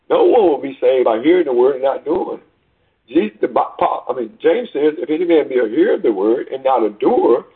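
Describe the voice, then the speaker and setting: A man's voice: on the high side, slightly rough. A man preaching a sermon, reading scripture aloud in old-fashioned wording and throwing rhetorical questions at the listeners. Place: church service heard over a call. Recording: tinny phone line.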